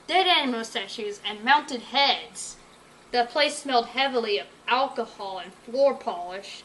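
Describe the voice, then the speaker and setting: A woman reading a children's storybook aloud, her high voice bright and full of lively rises and falls. The narration is expressive throughout, over a faint background hiss. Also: a little slow, rough recording.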